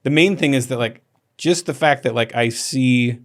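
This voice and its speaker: A man's voice: medium pitch, normal speed. Rambling man hosting a casual chat. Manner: rambling, many restarts and "like"s. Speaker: podcast host.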